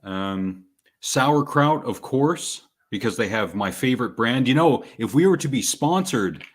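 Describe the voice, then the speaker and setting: A man co-hosting a podcast in casual chat, relaxed and rambling with dry humor. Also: mid-range voice, measured pace, breathy edge. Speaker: podcast co-host.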